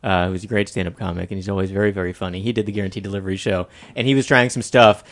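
A man's voice: low voice, steady tone, rapid-fire, a bit bright. A man hosting a casual interview, conversational and encouraging, with frequent short agreements. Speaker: podcast host.

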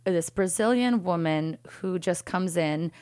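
Comedian guest, woman from Alaska; lively, salty storyteller with a dry, close mic. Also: on the low side, a little slow, dry recording. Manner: animated, swears freely, acts out other people's lines. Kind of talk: casual storytelling.

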